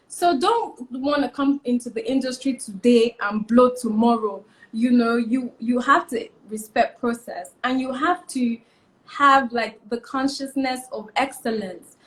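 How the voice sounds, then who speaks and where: A woman's voice: on the high side, unhurried. A young woman, a fashion stylist giving emphatic advice as a guest in a casual interview. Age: young adult. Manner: emphatic, repeats key points, animated.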